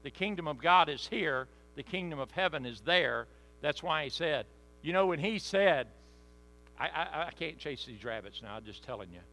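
A man's voice: on the high side, animated, normal speed, pushed and bright, rough recording. A man preaching a sermon as pastor, reading scripture dramatically and speaking straight to his congregation.

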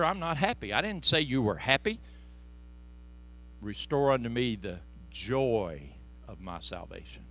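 A man preaching a sermon to his congregation in church, impassioned and folksy, swinging between loud exhortation and hushed asides. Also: lowish voice. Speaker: pastor.

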